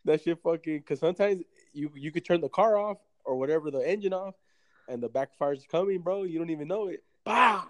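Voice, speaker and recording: Brief: young man, slangy and profane, slightly high voice, dry close sound. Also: a little fast, mellow, no room sound. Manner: rambling, profane, slangy storytelling. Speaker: storyteller. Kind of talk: casual podcast chat.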